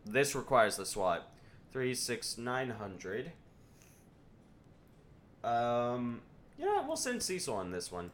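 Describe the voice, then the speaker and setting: A man's voice: mid-range voice, slow pace, pauses often, a little hiss or hum. A man casually commentating a game as he plays, reading the game text aloud and joking about it. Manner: animated, reads game text aloud and jokes. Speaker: streamer.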